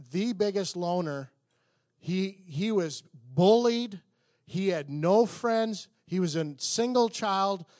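A man preaching a sermon, telling a story in a conversational, halting way with restarts and rising to emphatic peaks. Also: high-pitched, a little mellow, no echo, clean studio sound.

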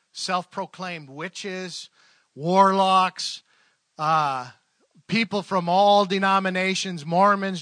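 Bright-voiced male pastor preaching. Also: high-pitched, dry recording. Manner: conversational, halting storytelling with many fillers. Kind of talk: sermon with storytelling and closing prayer. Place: church service.

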